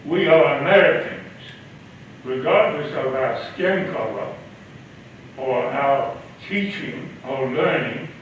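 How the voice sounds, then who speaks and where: A concerned citizen speaking to a town council through a face mask, muffled and measured, with halting pauses. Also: male voice, medium pitch, expressive, a little hiss or hum. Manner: slow, measured, halting delivery. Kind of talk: formal public comment. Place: large echoey council chamber. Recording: echoey chamber audio from far off.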